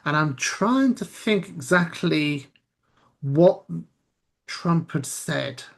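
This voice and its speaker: A woman chatting casually on a video call, recounting things slowly with hesitations and dry asides. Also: sits low, lively intonation.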